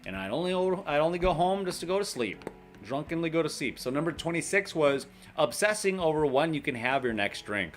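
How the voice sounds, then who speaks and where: A man's voice: on the high side, sing-song, a little fast. A man hosting a casual livestream, reading a list aloud, laughing often and chatting with viewers. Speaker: livestream host in recovery.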